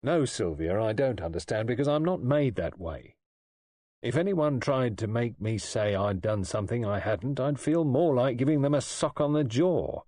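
A man's voice: mid-range voice, lively intonation, moderate pace, mellow, no echo, voice pushed up, close to an everyday voice. A man playing a blunt, plain-spoken middle-aged police superintendent talking to his daughter in an audiobook. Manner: plain-spoken, firm, fatherly. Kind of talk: audiobook dialogue.

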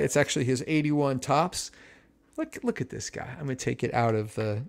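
A man in his fifties from the San Francisco Bay Area, hosting a podcast and telling a nostalgic story in an animated, exclamatory way. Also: medium pitch, vocal fry, clear, resonant tone. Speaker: podcast host.

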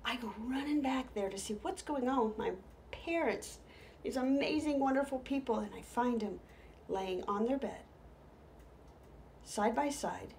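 A middle-aged woman telling humorous stories, lively, with hushed whispered asides. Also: a little high, a little slow, gravelly, a little hiss or hum. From United States. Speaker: storyteller. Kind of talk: humorous stage storytelling.

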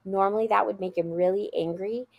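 Gravelly-voiced woman, earnest school guest. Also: medium pitch, steady tone, brisk, lo-fi sound. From USA. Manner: earnest, heartfelt anecdote-telling. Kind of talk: conversational interview storytelling.

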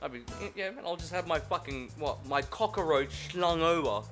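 A man playing a game aloud, reading its first-person narration and breaking off into loud, profane jokes and rants. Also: on the high side, moderate pace, soft background music. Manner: profane, loud joking outbursts. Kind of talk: let's-play commentary and first-person narration.

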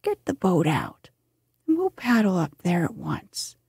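A woman's voice: fairly low pitch, wildly swooping pitch, a little slow, a little mellow, no echo, studio quality, exaggerated voice. A woman whispering the part of a cheerful, good-natured male water rat in a storybook, as whispered role-play, eager and hearty in manner. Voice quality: breathy whisper.

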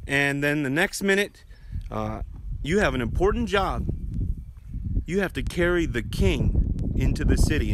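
Gentle man telling a children's sermon. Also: a little high, slight background noise. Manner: gentle, questioning storyteller. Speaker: children's message leader.

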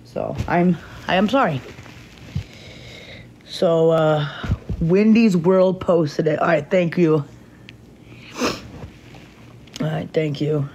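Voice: medium pitch, slow pace, pauses often, darkish tone, dull audio, slight background noise. A streamer in an unscripted live stream on a phone, tense and angry but holding it in, talking in repetitive pleading phrases and often asking "okay?".

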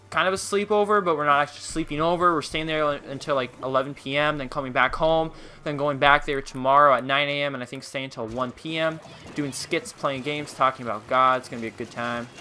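Excitable young man streaming a game. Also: a little high, clear, resonant tone. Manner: excitable, reacting loudly to the game, chatty with viewers. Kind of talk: casual live-stream gameplay chat.

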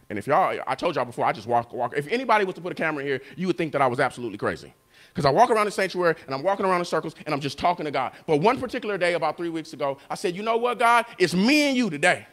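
A male pastor preaching a sermon, telling a story and calling out to the congregation, moving between quiet and loud. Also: medium pitch. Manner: call-and-response preaching, storytelling, swings from soft to loud.

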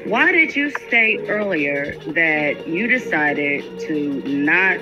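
A woman caller speaks in a halting, hesitant way, stopping on fillers as she builds her questions. Her voice sits at an ordinary pitch in dull, lo-fi stream audio, with music clearly audible behind her. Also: very animated. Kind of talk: call-in conversation.

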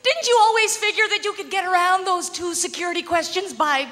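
A woman from Canada doing a stand-up comedy set, animated and laughing often as she acts out little voices. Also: very high-pitched, brisk. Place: comedy club stage before a live audience. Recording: live hall recording with crowd noise.

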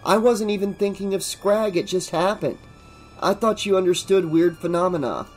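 A man's voice: high voice, normal speed, soft background music, voice pushed up, natural voice. A man voicing an anxious young man who earnestly describes something frightening. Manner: earnest, worried, pleading.

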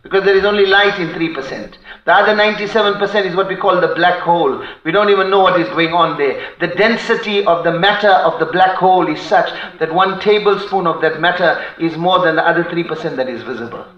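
A man preaching a sermon with passion, breaking into fast Arabic recitation of poetry, recorded in a mosque hall. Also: sits high, muffled recording. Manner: impassioned, quotes Arabic poetry in rapid recitation. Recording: echoey hall.

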